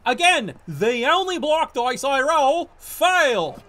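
Male streamer, high-pitched, exasperated sarcastic game commentary, lots of swearing. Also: sing-song, takes it slowly, hardly any pauses, pushed and bright. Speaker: gaming streamer. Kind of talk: ranting live game commentary.

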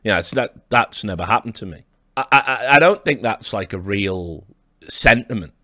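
A man's voice: fairly low pitch, lively intonation, normal speed, pushed and bright, no room sound. A man hosting a livestream, mocking and rambling in a dry, sardonic way with chuckles. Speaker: livestream host.

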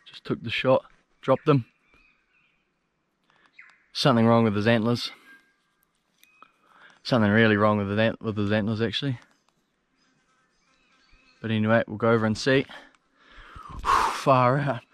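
A young man with a New Zealand accent filming himself on a steep hillside outdoors, talking bluntly and excitably, with plenty of swearing, into a handheld action camera. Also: on the low side, unhurried, long pauses, clear, resonant tone, no room sound. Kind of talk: casual self-filmed commentary.

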